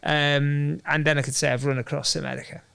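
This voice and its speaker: Male guest, chatty and self-mocking, slightly high voice with some fry. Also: little pitch movement, a little fast, a bit bright. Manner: chatty, rambling, self-deprecating humor. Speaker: guest, endurance runner. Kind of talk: casual interview chat.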